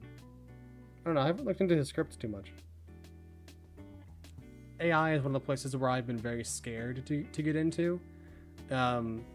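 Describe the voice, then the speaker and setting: A man hosting a livestream, chatting casually and rambling, his words running together when he talks fast. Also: mid-range voice, darkish tone. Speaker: livestream host.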